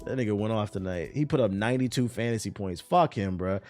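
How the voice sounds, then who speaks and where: A man streaming live, giving casual, profane, animated commentary on news, his voice a bit tired. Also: fairly low pitch, fast, soft background music.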